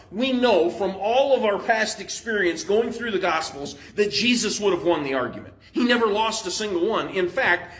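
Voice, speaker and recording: A man's voice: high voice, a bit bright, low-quality recording. A man pastor, teaching a Bible study in a conversational, explanatory way with frequent fillers.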